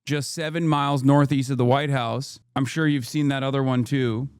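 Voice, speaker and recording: Heated, profane streamer ranting. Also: male voice, mid-range voice, fairly even intonation, moderate pace, smooth, no echo, clean studio sound. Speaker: livestream commentator. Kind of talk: live reaction commentary.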